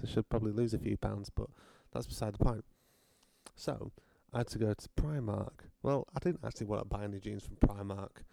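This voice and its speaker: A British man with a low, gravelly voice rambles through a comic rant, dry and sardonic, cursing casually as he wanders off on tangents. The sound is close and dry, with a mellow, dark tone. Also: dry recording. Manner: rambling, sardonic, swears freely. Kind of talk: comedic rant monologue.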